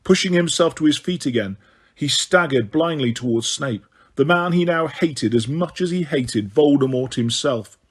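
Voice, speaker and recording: Husky male audiobook narrator. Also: fairly high pitch, moderate pace. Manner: steady storytelling with occasional stumbles.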